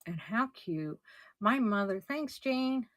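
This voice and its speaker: A middle-aged woman running a casual live auction, chatty and somewhat hoarse as she loses her voice. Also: medium pitch, animated, takes it slowly, dry recording. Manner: chatty, describes items warmly with soft laughs. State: losing her voice. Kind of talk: casual live-stream selling.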